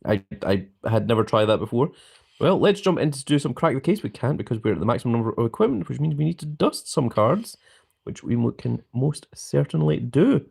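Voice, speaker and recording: Gravelly-voiced man streaming a mobile game. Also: medium pitch, big pitch swings, a little fast, darkish tone. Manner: chatty, reads viewer comments aloud. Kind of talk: live game stream commentary reading chat.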